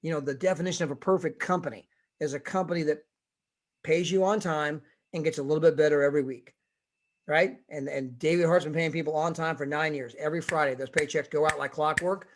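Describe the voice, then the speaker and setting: A man's voice: on the high side, fairly even intonation, a little fast, background noise. A middle-aged man giving a sermon-style motivational talk on a corporate call, telling stories and asking "right?" all the time. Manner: storytelling with frequent tag questions; exhorting, rising emphasis. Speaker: motivational speaker.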